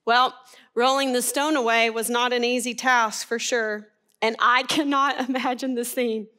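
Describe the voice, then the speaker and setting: A woman giving animated Bible teaching, laughing at herself as her voice rises with excitement. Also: on the high side, a little slow, smooth.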